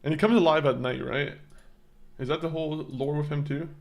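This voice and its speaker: A man's voice: a little high, fairly even intonation, brisk, gravelly. Rambling young male streamer. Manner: rambling, stammers and repeats words, chuckles often. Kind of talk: casual live-stream chat with viewers.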